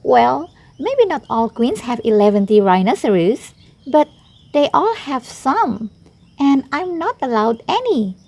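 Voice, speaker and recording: A woman reading a children's picture book aloud in a playful, expressive first-person voice. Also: high voice, slow pace. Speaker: storybook reader.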